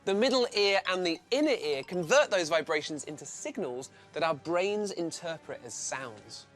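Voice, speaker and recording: A man's voice: on the high side, lively intonation, normal speed, fairly bright tone. A man presenting a children's science lesson, explaining enthusiastically step by step. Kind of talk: scripted science lesson for kids. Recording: music playing behind the voice.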